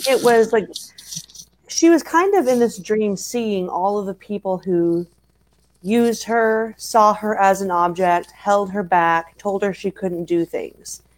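A woman's voice: mid-range voice, slow pace, poor audio. A woman co-hosting a book-club podcast, casually talking through her reading of a scene with frequent "like"s and "kind of"s. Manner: thoughtful, rambling analysis with many "like"s and "kind of"s.

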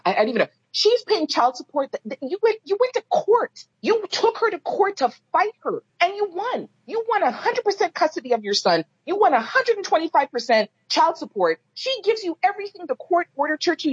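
A woman's voice: high voice, slightly rough. A woman co-hosting a podcast, talking in a blunt, profane and indignant way about a listener's letter. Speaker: podcast co-host. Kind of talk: heated casual podcast talk. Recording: slightly dull lo-fi audio.

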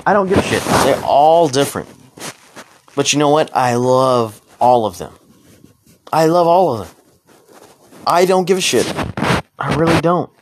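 A man ranting bluntly and heatedly into the camera, swearing freely. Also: mid-range voice. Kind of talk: unscripted angry rant. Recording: noisy recording with clicks.

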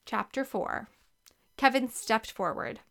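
A woman narrating a children's book with a lively, expressive reading. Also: fairly high pitch, slow, vocal fry. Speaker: audiobook narrator. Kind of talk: scripted narration.

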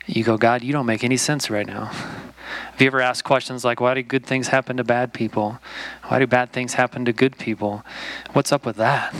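Sincere male pastor, flat steady voice. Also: medium pitch. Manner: relaxed, self-deprecating, sincere. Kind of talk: closing prayer and announcements.

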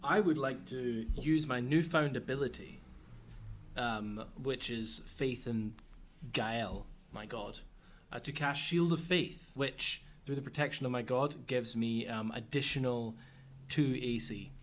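A man's voice: medium pitch, measured pace, slight background noise. A man playing a tabletop game, joking and explaining his moves with fillers. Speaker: player. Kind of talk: casual tabletop game play.

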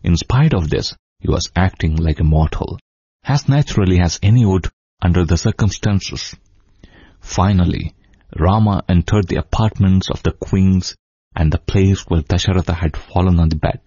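A man narrating an epic tale in a measured, solemn, steady manner. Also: low-pitched, slightly rough, no echo. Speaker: storyteller. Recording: dull lo-fi audio. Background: faint sitar music.

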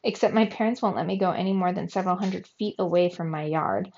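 A woman's voice: lowish voice, quick pace, darkish tone, lightly acted. A woman reading aloud, voicing an inquisitive, bookish girl of about twelve, on a slightly muffled recording. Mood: curious.

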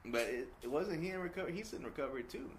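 A man's voice: on the high side, lively intonation, racing. A man chatting casually as a podcast guest, laid-back, swearing, and telling stories from work. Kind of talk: casual chat. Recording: echoey room with faint background noise.

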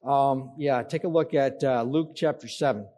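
A man's voice: medium pitch, moderate pace, mellow. A man preaching a sermon as pastor, asking the congregation to call out answers. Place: church hall. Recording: long church hall reverb.

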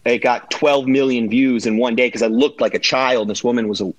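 Guy on a podcast telling wild stories, swears a lot, mid-pitched voice. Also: a little fast. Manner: animated, profane, laughs through his stories. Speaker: guest. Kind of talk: casual storytelling.

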